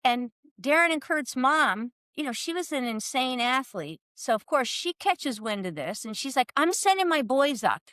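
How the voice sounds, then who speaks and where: A woman in her sixties telling lively stories in a casual podcast interview, acting out the voices of people she quotes. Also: high voice, moderate pace, hardly any pauses, no room sound, clean studio sound. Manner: animated storyteller, acts out quoted voices, laughs often. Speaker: guest, former team soigneur.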